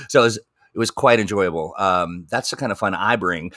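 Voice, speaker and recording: A man's voice: low voice, a bit bright, no echo, clean studio sound. A man hosting a casual live stream, chatty and laughing often.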